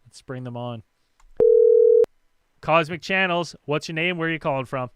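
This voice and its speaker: A man's voice: on the high side, moderate pace, very noisy. A man hosting a call-in podcast, talking in an upbeat, chatty way. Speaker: host. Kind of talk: casual chat.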